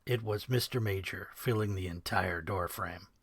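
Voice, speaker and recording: A man narrating his own crime novel in the first person, measured and wry, in a recording studio. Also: deep voice, slightly rough, no echo.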